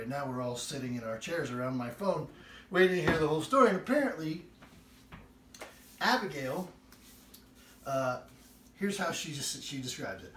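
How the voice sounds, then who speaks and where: A man speaking fairly quickly in a slightly high voice bakes on his home cooking show and spins a funny family anecdote with animated comic flair. The kitchen recording sounds echoey and distant, with slight background noise.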